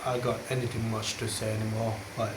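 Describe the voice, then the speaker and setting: A man's voice: fairly low pitch, level tone, brisk. A man rambling and joking crudely in a casual vlog. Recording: echoey room, faint hiss.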